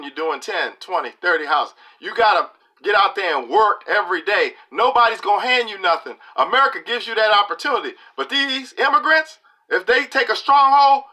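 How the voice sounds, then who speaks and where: A man's voice: high-pitched, sharp tone. A middle-aged man giving a preachy, emphatic political monologue to camera, talking colloquially and repeating lines for punch. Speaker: political video commentator.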